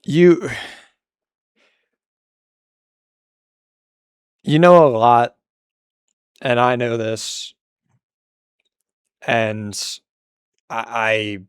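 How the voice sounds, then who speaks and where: A man's voice: medium pitch, fairly even intonation, very slow, long pauses, clean tone, no echo, clean studio sound. A man interviewing someone, hesitant and searching for words, sighing between short phrases. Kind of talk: casual interview.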